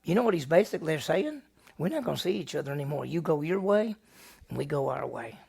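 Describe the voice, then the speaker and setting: A man's voice: fairly high pitch, big pitch swings, fast talker, creaky, a little mellow, breathy edge. A male pastor teaching a Bible lesson, retelling the story with energy and firing off rhetorical questions.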